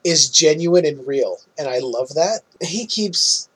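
A man's voice: a little high, animated, takes it slowly, husky, low-quality recording. A man casually recapping a film's ending as a podcast host, chatty and often laughing.

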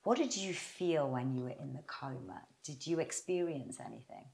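A woman with an unusually deep, low voice hosts an interview. She asks gentle, inquisitive questions and offers short prompts. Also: normal speed, vocal fry. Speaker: interviewer, host.

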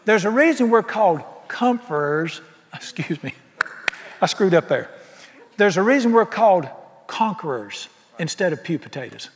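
A man's voice: high voice, very animated, normal speed, slight background noise. A man preaching a sermon as pastor, folksy and exuberant, full of rhetorical questions. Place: church sanctuary. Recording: long reverb of a church hall.

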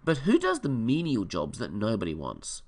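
A man's voice: on the low side, wildly swooping pitch, moderate pace, creaky. A man giving casual, enthusiastic fan commentary on a film, with opinionated asides. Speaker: film reviewer.

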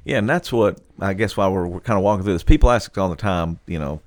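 A man, a pastor telling stories in casual talk, animated and quick to laugh as he acts out what people said. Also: low voice, no room sound. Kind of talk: casual podcast storytelling.

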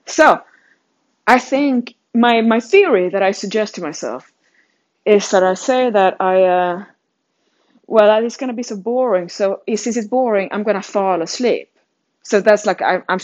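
In dull lo-fi audio, a woman who coaches fitness in Sweden reflects casually at normal speed with a mid-range voice. Her talk rambles, full of self-mockery, frequent restarts, and laughter.

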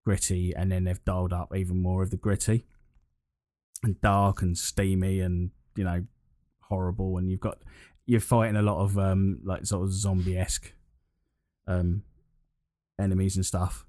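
A man talks through a casual gaming chat in a lowish voice, rambling and restarting his sentences as he gets enthusiastic. The sound is dry and close, with no room around it. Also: little pitch movement, moderate pace, mellow, no room sound.

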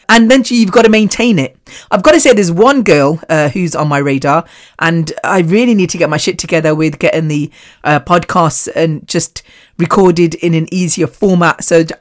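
A woman hosting her own podcast, talking candidly and bluntly, swearing freely and telling animated stories. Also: on the low side. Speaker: podcast host. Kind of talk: candid casual monologue.

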